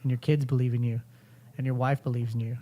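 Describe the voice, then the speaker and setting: A man's voice: medium pitch, flat delivery, fast, warm tone. A young man hosting a podcast, coaching a guest through an intense, profane motivational pep talk.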